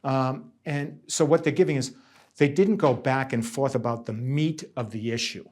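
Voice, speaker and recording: A middle-aged man from central Massachusetts speaks in an interview as a nursing union negotiator. He talks emphatically, doubles back on his words and slips into the voices of the people he describes. His voice sits at an ordinary middle pitch. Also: moderate pace, darkish tone. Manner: emphatic, repeats himself, voices others' words. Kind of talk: interview answers, reflective storytelling.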